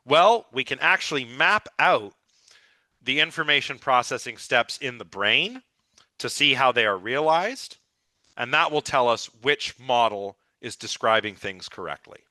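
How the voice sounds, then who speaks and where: A man's voice: mid-range voice, animated, a little slow, pushed and bright, no echo. A man lecturing a live philosophy class with eager, rambling enthusiasm, his voice a little scratchy. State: slightly scratchy voice.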